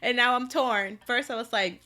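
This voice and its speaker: A woman's voice: fairly high pitch, normal speed, sharp tone. A woman co-hosting a podcast in casual, giggly chat, saying "like" and "y'all" a lot. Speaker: podcast co-host.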